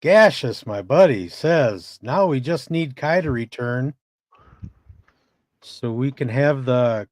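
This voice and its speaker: A man's voice: mid-range voice, animated, slow, no room sound, clean studio sound. A man co-hosting a casual live-stream chat, laid-back and swearing freely while reading chat messages aloud. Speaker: co-host.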